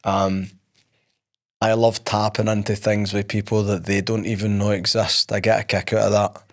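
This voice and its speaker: A man with a gravelly, creaky voice chats casually on a podcast. He rambles and jokes at his own expense while talking about coaching people. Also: fairly low pitch, flat delivery, normal speed. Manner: joking, self-mocking, rambling. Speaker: podcast host and high performance coach.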